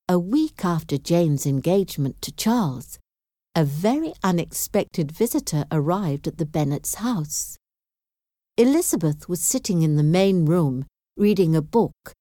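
A woman narrating a storybook in a clear, measured reading. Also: low voice, dark tone, dry recording, clean studio sound.

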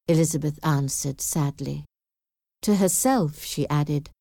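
Slow, measured woman storyteller. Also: deep voice, steady tone, dark tone, dry recording, clean studio sound. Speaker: narrator. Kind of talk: storybook reading.

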